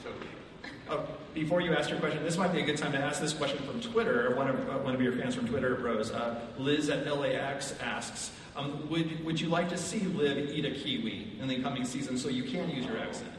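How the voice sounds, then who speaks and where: A man moderating a convention panel, reading out fan questions in a brisk, businesslike way. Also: mid-range voice, a little hiss or hum. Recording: echoey convention hall from far off.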